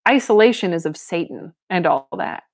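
A woman's voice: on the low side, animated, moderate pace. A woman reading the lines of a sarcastic young woman newcomer, in a gaily mocking way.

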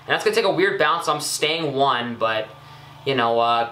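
A young man casually commenting on his own gameplay, chatty and excitable, scolding himself with frequent ums and uhs. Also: on the high side, normal speed, reverberant. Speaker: gaming YouTuber.

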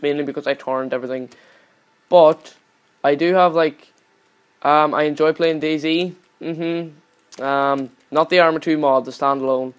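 A young man giving casual gameplay commentary as a channel host. He swears constantly and yells at the game whenever it goes wrong. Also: on the high side, clear, resonant tone.

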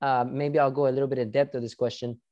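A man's voice: medium pitch, little pitch movement, fast talker, warm tone, highs cut off. A young man hosting a casual interview, eager and admiring, often restarting his sentences. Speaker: interview host.

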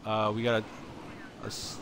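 A man giving excited live commentary on his own video game session, often laughing and repeating exclamations. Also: on the low side, slow, a little hiss or hum. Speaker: game streamer.

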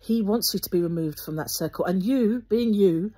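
A woman, speaking earnestly to her viewers with Christian encouragement, gently instructive and often restarting her sentences. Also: medium pitch, normal speed, breathy edge. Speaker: Christian video host.

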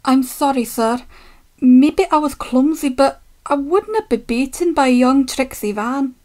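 A woman's voice: sits high, expressive, unhurried. A woman voicing a bold, cheeky male steam engine who teases innocently and pushes on with grim determination. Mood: teasing. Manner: teasing, grim and shouting when pushing.

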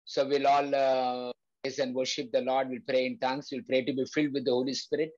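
A man's voice: medium pitch, level tone, fairly quick, darkish tone, highs cut off. A man leading a Bible study, preaching earnestly with repeated phrases and frequent fillers. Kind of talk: preaching to a prayer group.

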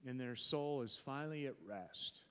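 A man's voice: mid-range voice, normal speed, clear, resonant tone. A male pastor preaching a sermon, emphatic and repeating phrases, often restarting his sentences. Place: church sanctuary. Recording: long church reverb.

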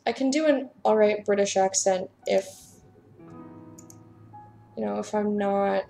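A woman's voice: mid-range voice, measured pace, gravelly, dark tone, faint music behind. A woman casually commenting on a story game while she plays, chatty and self-deprecating, and reading its dialogue aloud. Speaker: let's play gamer.

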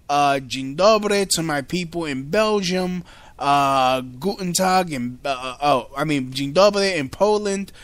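A man's voice: a little high, a bit bright, no echo. An American man hosting his own show, talking in a casual, rambling rant full of fillers, restarts and swearing. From United States. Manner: rambling, filler-heavy, profane. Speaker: podcast host.

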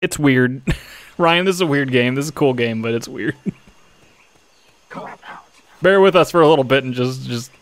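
A man's voice: medium pitch, moderate pace, pauses often, dry recording. A young man hosting a casual co-op game stream, laughing often and explaining the controls to his partner. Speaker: streamer and host. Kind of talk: casual co-op gaming chat.

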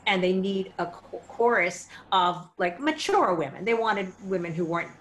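A woman's voice: medium pitch, normal speed. Woman performer chatting in an interview, voice swinging way up and down as she acts out the story, bit of faint hiss behind. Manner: animated storyteller, acts out dialogue. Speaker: performer and vocal clinician. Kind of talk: casual anecdote in an interview.

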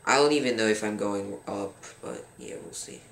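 A young man in his teens giving casual gameplay commentary as a gaming channel host, rambling, filling pauses with um and grumbling at his game. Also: fairly low pitch, a bit bright. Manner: frustrated, rambling, fills pauses with um. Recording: roomy with faint background noise.

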